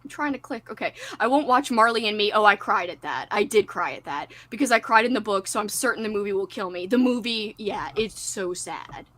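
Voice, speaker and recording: A woman's voice: medium pitch, animated, brisk, hardly any pauses, a bit bright. A woman hosting a casual livestream chat, giggling often and reading chat comments aloud. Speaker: livestream host.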